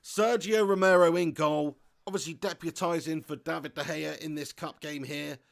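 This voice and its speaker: Chatty gravelly football fan host. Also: male voice, fairly high pitch, normal speed. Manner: chatty and excitable, laughs often, swears casually. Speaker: host of a football watch-along livestream. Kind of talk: live watch-along chat, reading viewer comments.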